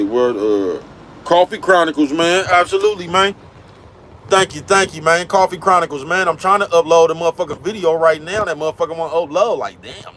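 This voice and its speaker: A man with a somewhat high voice rants loosely into his phone, heavy on street slang and filler catchphrases. It sounds like he is outside by a car, and the recording carries clear traffic noise behind him. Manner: streetwise slang, repeats "you know what I'm talking about". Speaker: vlogger. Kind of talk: casual rant to camera.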